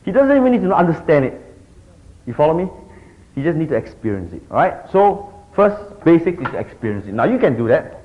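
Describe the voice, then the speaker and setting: A man's voice: fairly high pitch, fairly quick. A middle-aged man teaching a group about discipling, often checking in with his listeners. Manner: animated, keeps checking in with the audience. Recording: dull lo-fi recording.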